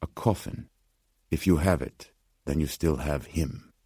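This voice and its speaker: A man's voice: rumbling low, breathy edge, no echo, clean studio sound, heavily acted. A man doing a grave old pawnbroker, Slavic-tinged. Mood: urgent hushed. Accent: Slavic-tinged, as put on. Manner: slow, grave, hushed insistence. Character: anxious old male pawnbroker, formal.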